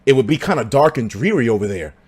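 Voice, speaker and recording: A young man from the United States telling a story on a live stream in a casual, profane, animated way, laughing as he goes. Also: fast talker, breathy edge. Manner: animated, profane, laughs between lines, breaks into loud high shouts.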